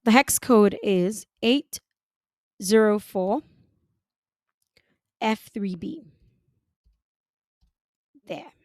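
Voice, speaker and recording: A woman narrating a screen-recorded design tutorial, giving unhurried step-by-step instructions. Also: medium pitch, a little mellow, dry recording, clean studio sound.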